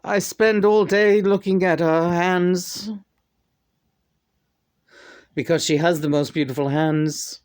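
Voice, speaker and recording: A woman channeling her late husband, slow and tender. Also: lowish voice, fairly even intonation, darkish tone, clear, resonant tone, no room sound, studio quality. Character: gentle late husband, speaking through his wife.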